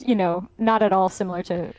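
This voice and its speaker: A woman's voice: medium pitch, steady tone, a little fast, crowd noise. A woman playing a tabletop game, rambling and hesitant as she explains her plans. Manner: rambling, hesitant, lots of fillers. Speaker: player. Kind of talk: casual chat at a game table.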